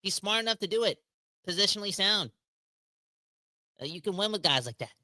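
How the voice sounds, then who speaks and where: Man, hockey podcast co-host, casual banter, slangy, bright tone, dry close sound. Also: high-pitched, fairly quick, no room sound. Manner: energetic, slangy, joking. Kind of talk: casual sports podcast chat.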